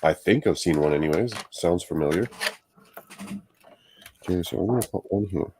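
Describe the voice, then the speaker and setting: Low-voiced laid-back man on a call. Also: animated, normal speed, darkish tone, a little hiss or hum. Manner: laid-back, chatty, comments while working. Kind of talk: casual chat while building.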